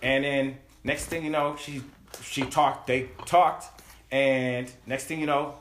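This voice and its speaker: A man's voice: mid-range voice, slow pace, a little hiss or hum. A man telling a story in a casual chat, acting out the voices of the people in it and swearing freely. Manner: animated, acts out voices in quotes, swears freely. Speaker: podcast guest telling a story. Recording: echoey room.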